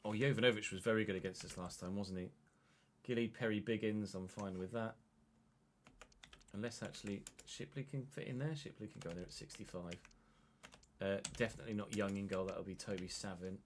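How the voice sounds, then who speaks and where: A man's voice: on the low side, a little fast, slight background noise. A young man streaming a football management game, chatting casually, swearing and answering his chat. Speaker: gaming livestreamer. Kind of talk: casual live game commentary.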